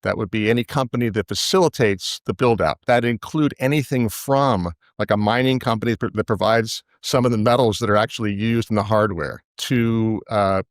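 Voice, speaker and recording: A man's voice: fairly low pitch, no room sound, studio quality. A man giving interview answers as an investment analyst, thoughtful, often restarting his phrases. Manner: thoughtful, with frequent restarts and repetitions.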